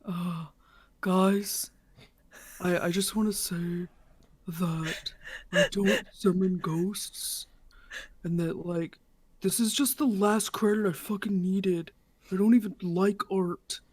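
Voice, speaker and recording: A player voicing a sullen, slow-talking art student. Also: mid-range voice, breathy edge. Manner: dismissive, slow, grumbling. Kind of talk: tabletop role-play in character.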